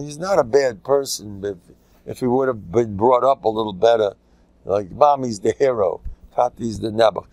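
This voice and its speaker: A man's voice: medium pitch, a little mellow, no echo, rough recording. An older man, a rabbi from the USA, giving an informal, joking Torah class sprinkled with Yiddish and Hebrew terms.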